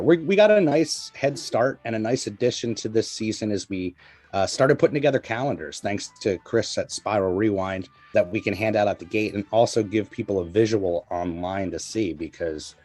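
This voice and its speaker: A man hosting a casual podcast, excitedly plugging upcoming events. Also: fairly low pitch, no echo. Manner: excited, promotional, says "you know" a lot. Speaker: podcast host.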